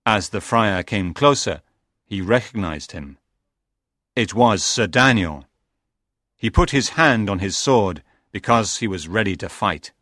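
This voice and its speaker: Low-voiced guy reading a storybook very slowly, dry sound. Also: animated, fairly bright tone, no room sound. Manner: slow and deliberate. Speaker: narrator. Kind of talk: scripted storybook narration.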